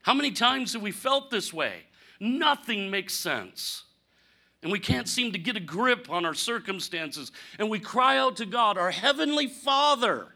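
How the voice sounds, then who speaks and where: A man preaching a conversational sermon, candid and humorous, asking rhetorical questions and swinging from punchy lines to near-quiet asides. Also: high voice, a little slow. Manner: animated, rhetorical questions, sudden drops to quiet; candid, self-deprecating humor. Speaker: pastor.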